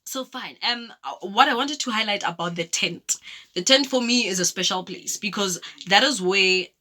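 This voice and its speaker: A woman's voice: medium pitch, normal speed, bright, forceful tone. A South African woman telling personal stories in a casual vlog, reflective, with many fillers and restarts. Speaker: vlogger. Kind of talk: casual storytelling.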